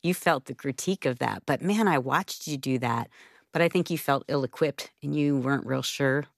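Female co-host, gravelly voice, dry close mic, candid. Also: a bass voice, normal speed, no echo. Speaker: podcast co-host. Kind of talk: faith podcast conversation.

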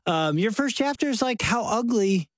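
A man's voice: high voice, lively intonation, moderate pace, dry recording. A man in his sixties co-hosting a radio talk show, interviewing guests in an enthusiastic, conversational way. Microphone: studio microphone.

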